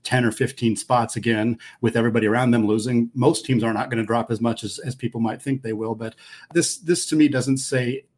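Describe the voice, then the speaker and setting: A man with a husky, slightly rough voice talks through college basketball results. He speaks casually, pausing to restart phrases as he works out his point. His pitch sits in an ordinary middle range for a man. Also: steady tone, a little mellow. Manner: analytical, thinks aloud with restarts. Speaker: sports podcast co-host. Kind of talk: casual sports talk.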